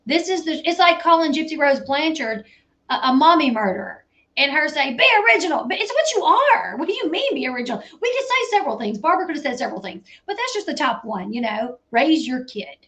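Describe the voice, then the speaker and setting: Blunt, high-voiced woman commentator. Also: sing-song, fairly quick, fairly bright tone. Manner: blunt, incredulous and opinionated. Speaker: commentary channel host. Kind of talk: reaction commentary.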